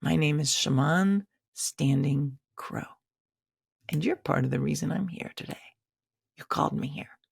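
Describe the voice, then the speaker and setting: A woman voicing a calm, mysterious woman shaman elder in her own gravelly voice. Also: sits low, unhurried, dry recording, clean studio sound, full character voice. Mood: calm knowing.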